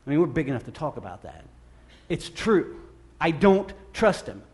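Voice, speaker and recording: A middle-aged man preaching from the pulpit in a conversational sermon style, his voice sitting a touch higher than usual. He mocks himself and shifts from quiet, reflective asides into emphatic, rising bursts. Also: big pitch swings, moderate pace. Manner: conversational, self-deprecating, with emphatic rises. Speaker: pastor.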